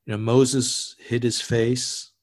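A man preaching a sermon as pastor, conversational, often restarting and adding asides, dropping to a hush on solemn words. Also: mid-range voice, flat delivery, slow pace.

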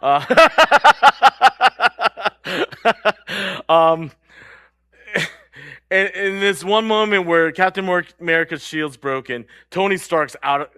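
A man preaching a sermon in an earnest way, moving between loud stressed words and hushed low lines, and often asking his listeners "right?". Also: smooth, no echo, studio quality. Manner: checks in with the crowd by asking "right?". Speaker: pastor.

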